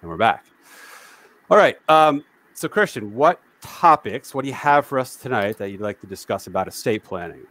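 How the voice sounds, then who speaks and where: A man's voice: medium pitch, lively intonation, normal speed, a bit bright, no room sound. Jokey male live-stream host, dry sound. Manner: jokey, tells dad jokes. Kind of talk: casual live-stream chat. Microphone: video call.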